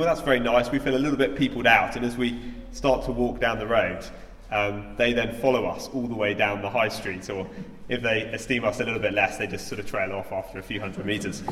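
A man's voice: mid-range voice, slight background noise. A man giving a sermon as a preacher, in a conversational, reflective way with frequent fillers. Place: church hall. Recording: echoey church hall.

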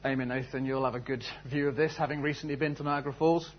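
A man's voice: medium pitch, fairly even intonation, quick pace, dull audio. A man preaching a sermon, telling a story and then asking earnest, searching questions. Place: church service.

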